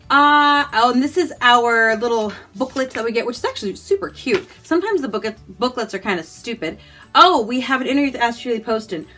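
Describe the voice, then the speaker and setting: A woman from the United States chatting casually and enthusiastically as she unboxes a book subscription box, gasping and making quick asides about each item. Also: mid-range voice, a bit bright. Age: adult, married.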